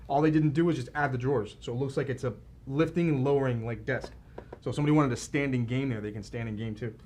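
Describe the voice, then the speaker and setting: Fast-talking, teasing man. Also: mid-range voice, steady tone, a little mellow, slight background noise. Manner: quick, teasing. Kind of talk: casual livestream chat.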